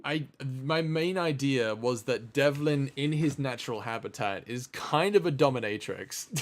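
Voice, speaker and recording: A man chats casually with friends on a live stream, giggling and circling back over his words. His pitch sits in an ordinary middle range, and his talk is loose and playful. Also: expressive, unhurried. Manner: playful, giggly, rambling with restarts. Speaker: streamer hosting a birthday stream. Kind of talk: casual chat.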